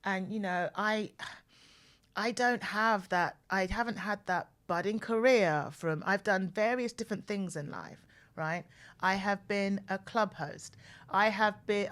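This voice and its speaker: A woman in her forties hosting a podcast, telling personal stories in an animated way and repeating phrases for emphasis, close to the mic. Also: mid-range voice. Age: 40s. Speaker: podcast host. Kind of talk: personal storytelling monologue. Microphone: mic close to the mouth.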